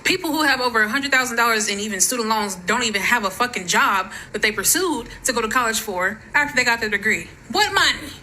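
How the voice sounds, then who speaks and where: Furious profane woman ranting, bright voice. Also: on the high side, fast, hardly any pauses, slight background noise, low-quality recording. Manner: furious, profane, shouting in bursts. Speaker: social media creator. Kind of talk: angry rant to camera.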